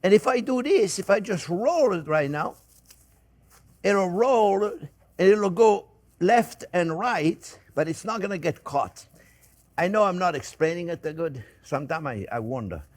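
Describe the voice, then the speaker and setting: A man's voice: on the high side, expressive, moderate pace, a little mellow. An older man with a French accent, demonstrating a recipe in a kitchen in a chatty, repetitive way, often calling his viewers friends. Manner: chatty, repeats himself, addresses viewers as friends. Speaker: cooking show host. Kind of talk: casual cooking demonstration.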